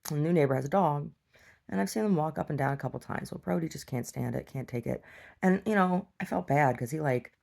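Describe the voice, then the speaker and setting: A woman's voice: sits low, brisk, vocal fry, warm tone. A woman talking casually in a rambling video diary, chatty and meandering, with frequent restarts. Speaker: video diarist.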